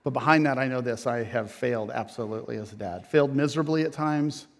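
A middle-aged man, a pastor, preaching a sermon that swings from quiet, low phrases to loud, emphatic peaks. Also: quick pace.

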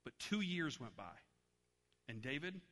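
A man's voice: fairly high pitch, sing-song, a little slow, a bit bright. A man preaching a sermon, telling a story and acting out its voices. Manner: storytelling, acts out voices in anecdotes. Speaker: pastor. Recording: long hall reverb.

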